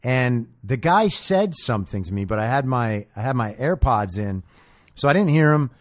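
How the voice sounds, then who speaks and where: A man's voice: medium pitch, animated, moderate pace, no echo, studio quality. A man hosting a political commentary show, talking in a blunt, sarcastic and profane way. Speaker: host.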